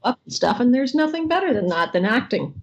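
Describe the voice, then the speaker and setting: A middle-aged woman from Canada, a voice actress guest telling stories in an interview, lively and laughing often. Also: fairly quick, vocal fry, lo-fi sound. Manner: lively, laughs often, acts out quotes in high silly voices. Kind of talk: animated interview storytelling.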